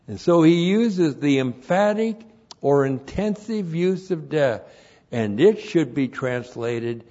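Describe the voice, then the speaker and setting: Slow, deliberate man preaching. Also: fairly high pitch, lively intonation, warm tone, dull audio. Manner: deliberate, emphatic, with pauses and fillers. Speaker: pastor and Bible teacher. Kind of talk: expository sermon.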